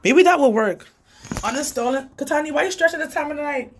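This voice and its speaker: A woman's voice: high voice, animated, quick pace, slight background noise. A young woman vlogging casually while she cleans, rambling and chatty, talking to a child off camera and reading comments aloud.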